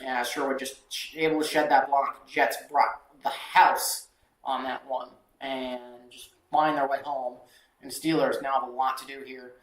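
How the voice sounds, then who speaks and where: In an echoey room, a man does amateur play-by-play for a live football watchalong, drifting into casual, self-deprecating tangents packed with fillers. His mid-range delivery is flat and unhurried, and the recording quality is low.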